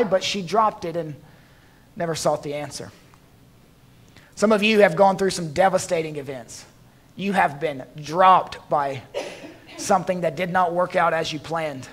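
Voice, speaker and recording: This high-pitched pastor delivers a sermon, easing his pace and quietly lowering his voice for emphasis. Now and then he slips in a touch of dry humor.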